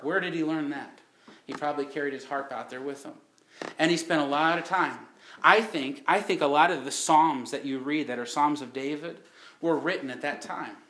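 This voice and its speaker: Male preacher, folksy sermon, rhetorical questions, slightly high voice, roomy echo. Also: fairly bright tone.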